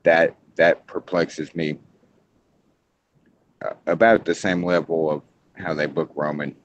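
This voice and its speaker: Deep, slow-talking male podcast host. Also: steady tone. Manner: halting, restarts often, hedges before points. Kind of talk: casual podcast chat. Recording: muffled lo-fi podcast audio.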